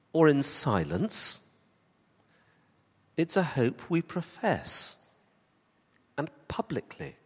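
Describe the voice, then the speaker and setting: A man preaching a sermon to his church congregation, swinging from emphatic rising questions to slow, soft emphasis. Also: on the high side, breathy edge, in a large hall. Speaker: pastor.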